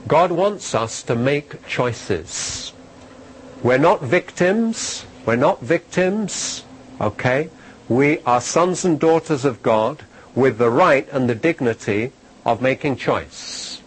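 Heard over slight background noise on a rough recording, a mid-range male voice gives a live, sermon-like Bible lesson. He talks to the audience conversationally, asks them questions, finishes points with "okay?" and repeats important phrases to stress them.

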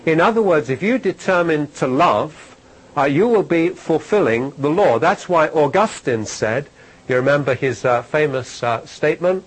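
A man's voice: on the high side, lively intonation, normal speed, slightly rough, poor audio. A man giving a sermon-style Bible teaching to a live audience. He talks conversationally, asks his listeners questions, ends points with "okay?" and repeats key phrases for emphasis.

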